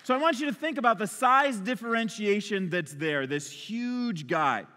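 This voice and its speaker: Bright-voiced male pastor preaching. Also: high voice, moderate pace, some chatter behind, slight background noise. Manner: energetic, conversational preaching. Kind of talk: sermon. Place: church stage with a congregation. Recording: long hall reverb.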